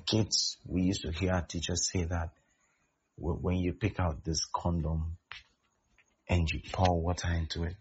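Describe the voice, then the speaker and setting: A man preaching a sermon who acts out the voices of the people in his stories and swings between loud and soft delivery. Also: deep voice, slightly rough. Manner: acts out quoted voices, shifting loudness. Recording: dull lo-fi recording.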